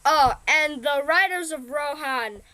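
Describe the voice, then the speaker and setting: A woman's voice: high-pitched, takes it slowly, sharp tone, a little hiss or hum. A young woman co-hosting a podcast, recapping a movie in a rambling, casual way, laughing often and slipping into tabletop game jargon. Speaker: podcast co-host.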